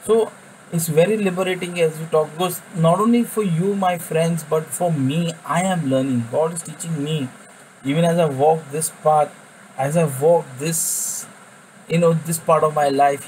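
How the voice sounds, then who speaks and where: A man with a fairly high voice leads an informal Bible study in an earnest, conversational way, often repeating words as he reaches for his phrasing. A faint hum of background noise sits under his voice. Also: normal speed, darkish tone, low-quality recording. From India. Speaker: Bible teacher.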